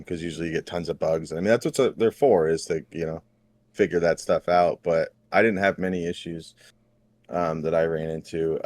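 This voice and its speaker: A man's voice: low voice, no echo. A man chatting as a podcast regular, rambling and correcting himself. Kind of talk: casual podcast chat.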